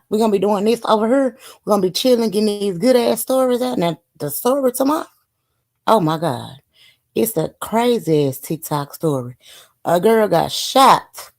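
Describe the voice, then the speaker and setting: Gravelly-voiced woman hosting a stream. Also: mid-range voice, a little mellow. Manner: pleading, chatty, swears freely. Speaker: stream host. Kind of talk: casual live-stream chat.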